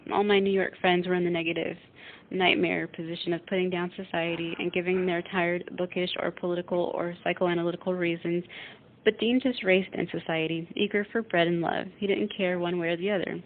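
A woman with a lowish voice reads a novel aloud, keeping her pitch flat and her delivery steady and measured. The sound is thin and phone-like, as on an old radio line. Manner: steady, even, measured reading. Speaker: radio show host reading aloud.

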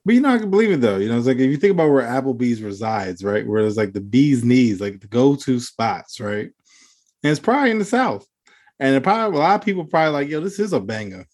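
A podcast co-host talking casually over a video call, telling stories in an animated way and laughing often. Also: mid-range voice, fast talker.

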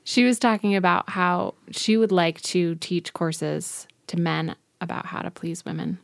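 A woman hosting a podcast, chatting casually and asking quick curious questions. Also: fairly low pitch, creaky, no room sound, clean studio sound. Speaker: podcast host. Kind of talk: casual chat.

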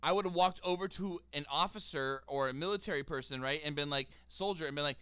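A man's voice: fairly high pitch, quick pace, few pauses, pushed and bright, smooth, no echo. A man in his thirties co-hosting a comedy podcast about a movie, talking animatedly, swearing and acting out the characters' lines. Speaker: podcast co-host. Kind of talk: casual comedic movie chat.

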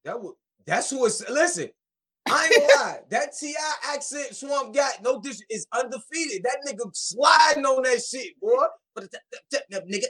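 A man hosting a casual live stream show, reacting to rap tracks in an excitable, slang-heavy way. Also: very high-pitched, normal speed, few pauses, slightly rough.

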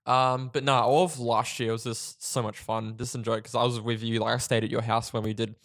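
A rapid-talking Australian man rambles through a story with many restarts, in a relaxed, casual tone. His voice is recorded close and dry, with no room sound. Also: mid-range voice, no room sound. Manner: rambling, restarting, laid-back. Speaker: podcast co-host. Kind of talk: casual chat.

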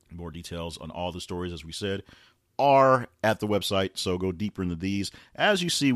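A man with a very low voice hosts a weekly news roundup podcast. He reads headlines and quoted lines aloud, then chats loosely around them with the odd restart. The sound is dry, with no room behind him. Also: no room sound. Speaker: podcast host.

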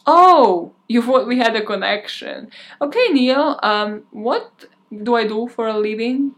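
A woman's voice: fairly high pitch, expressive, measured pace. A woman voicing a cold, vengeful young woman who speaks in a cutting, sarcastic way.

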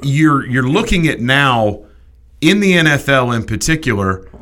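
A man hosting a sports talk show, ranting in an animated, emphatic way with quick restarts. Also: mid-range voice.

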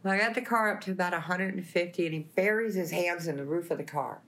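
A woman, a talk show guest, telling a lively story full of quoted dialogue in a plainspoken way. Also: lowish voice, fast. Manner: animated, laughing, plainspoken retelling.

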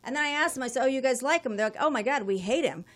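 A woman guest telling a long travel story in a casual, profane, animated way. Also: high-pitched, rapid-fire.

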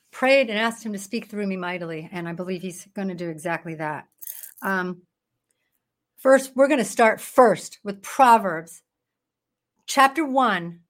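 A woman hosting an online Bible study, preaching in a chatty, emphatic way into her phone. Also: mid-range voice. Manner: chatty and emphatic, breaks into laughs and mock voices. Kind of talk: casual preaching to camera.

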